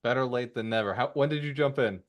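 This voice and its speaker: A man's voice: medium pitch, quick pace, no room sound. A man presenting from home on a video call, upbeat and casual, calling people brother. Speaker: webinar presenter. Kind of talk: casual online Q&A.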